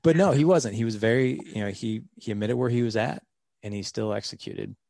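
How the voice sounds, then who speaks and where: Podcast guest, man, 40s, low gravelly voice, earnest and rambling with restarts. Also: level tone, a little fast, a little mellow, no echo, clean studio sound. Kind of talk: candid interview storytelling.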